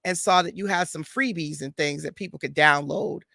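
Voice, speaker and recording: A woman in her forties hosting a podcast, chatting in a relaxed way with frequent fillers. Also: low-pitched, moderate pace, gravelly, dry recording, studio quality. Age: 40s. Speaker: podcast host. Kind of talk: casual conversational interview.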